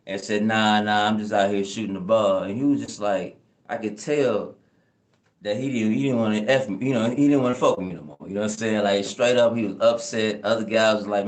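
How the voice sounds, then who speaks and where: A young man talks off the cuff on a live stream, his slangy, winding sentences full of fillers and checks with his listeners. His voice sits on the low side. The room around him rings with noticeable echo. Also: a little fast. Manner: laid-back slang-heavy rambling, frequent "you know what I'm saying". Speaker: channel host answering live chat. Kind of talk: casual livestream chat. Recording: echoey room.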